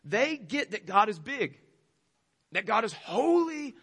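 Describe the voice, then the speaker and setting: High bright-voiced preaching man. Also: big pitch swings, normal speed, breathy edge, long reverb tail. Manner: emphatic preaching with rhetorical questions. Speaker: pastor. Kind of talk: sermon.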